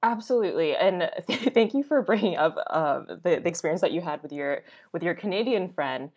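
Low-voiced woman, chatty guest. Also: lively intonation, a little mellow, lo-fi sound. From United States. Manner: chatty, filler-heavy, quick to laugh. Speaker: guest, travel blogger. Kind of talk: casual conversation.

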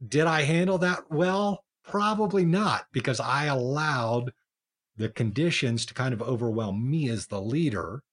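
A man co-hosting a podcast, telling a firefighting story in a casual, animated way, swearing and laughing easily. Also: medium pitch, unhurried. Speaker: podcast co-host, firefighter leader.

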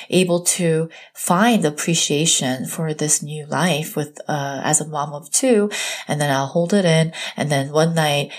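A young woman with a low voice talks straight to her viewers like a friend, open and confiding. Her speech is loose and chatty, packed with "like" and "you know" as she tells her own story. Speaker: mom vlogger. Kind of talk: personal storytime to camera.

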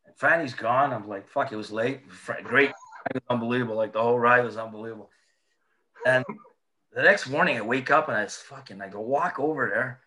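A man's voice: mid-range voice, brisk, pushed and bright. A man telling hockey road stories in casual chat, swearing often and laughing through them.

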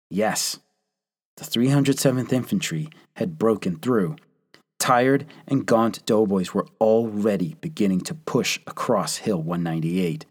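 Man, husky voice, lowish pitch, measured scripted storytelling. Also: darkish tone. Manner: measured storytelling, quoted lines read with raised intensity. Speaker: history narrator. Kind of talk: scripted history narration.

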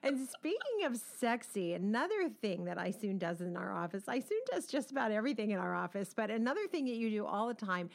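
A woman's voice: mid-range voice, a little fast, creaky, few pauses. A woman hosting a podcast, chatting casually and laughing as she tells stories. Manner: laughing, storytelling, animated quotes. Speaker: podcast host. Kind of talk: casual chat.

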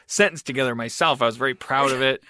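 A man co-hosting a podcast in casual chat, rambling and self-mocking, with halting restarts. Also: medium pitch, pushed and bright, no room sound. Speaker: podcast co-host.

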